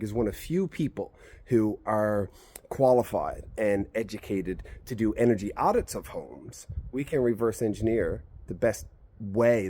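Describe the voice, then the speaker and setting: A man's voice: lowish voice, darkish tone, a little hiss or hum. A man who works in real estate, walking through a house frame outdoors and explaining the construction in a chatty, emphatic way. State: a little out of breath. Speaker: real estate agent touring a house build. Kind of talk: walkthrough explainer vlog.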